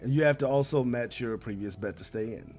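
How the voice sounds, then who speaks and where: A man's voice: mid-range voice, fairly quick, a little mellow, husky, soft background music. A man narrating a tabletop game as game master, casual and laughing, with many fillers.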